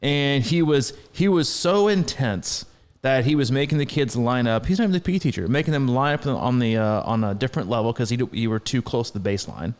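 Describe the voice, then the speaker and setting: A middle-aged man chats on a podcast in an easygoing, rambling way, laughing often and tripping over his words as he tells a story. His voice sits at an ordinary pitch for a man. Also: a little fast. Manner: rambling, animated, laughs often, many restarts. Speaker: podcast co-host. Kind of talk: casual chat, storytelling.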